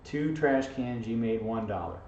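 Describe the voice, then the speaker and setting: A math teacher gives an informal video algebra lesson, joking and playful, always checking in with "okay?" and "right?". His medium-pitched voice is expressive, a little mellow and moderately paced. Captured from across the classroom, the camera audio is echoey, distant and dull with faint hiss.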